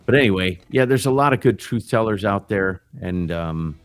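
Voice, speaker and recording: Low-voiced man rambling on a livestream. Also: lively intonation, moderate pace, faint music behind. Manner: rambling, loose and profane, restarts often. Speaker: livestream host. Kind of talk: casual livestream chat. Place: backyard grill gazebo.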